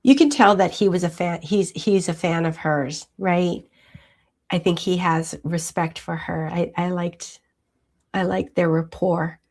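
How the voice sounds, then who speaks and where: A woman in her sixties hosting a casual live chat, reading viewer comments aloud and answering them in a chatty way, with frequent fillers and soft laughs. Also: fairly low pitch, unhurried. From Hawaii. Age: 60s. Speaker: livestream host.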